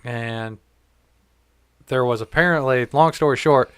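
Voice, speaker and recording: A man's voice: medium pitch, measured pace, clean tone, no echo. A man hosting a podcast, telling a story in casual chat, swearing freely and acting out what people said. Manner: profane, animated, acts out quoted dialogue. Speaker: podcast host.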